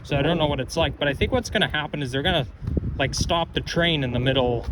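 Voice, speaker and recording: A man's voice: medium pitch, quick pace, rough recording. A man vlogging as he walks city streets, chatty and rambling, correcting himself as he goes and a bit out of breath. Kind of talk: casual walking commentary. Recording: street noise behind outdoor walk. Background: traffic and street noise.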